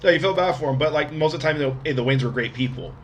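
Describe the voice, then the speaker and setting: A man co-hosting a podcast, giving quick, enthusiastic opinions in casual chat. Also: fairly high pitch, slight background noise. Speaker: podcast co-host. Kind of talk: casual movie review chat.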